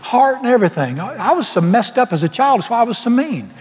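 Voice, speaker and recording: A man's voice: very high-pitched, sing-song, fast talker, a little mellow, long reverb tail. A man preaching a sermon, telling his story in a folksy way and acting out the dialogue.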